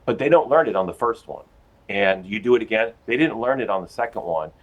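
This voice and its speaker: A man's voice: on the low side, lively intonation, brisk, poor audio. A man from a pet store giving dog training tips on a TV segment, folksy and chatty, acting out little everyday scenes. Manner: folksy, acts out little scenes in his own voice. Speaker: pet store guest expert.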